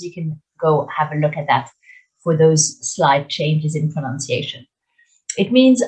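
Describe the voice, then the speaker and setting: A woman teaching French phrases in a video lesson, speaking clearly and deliberately and repeating each phrase slowly for pronunciation. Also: fairly low pitch.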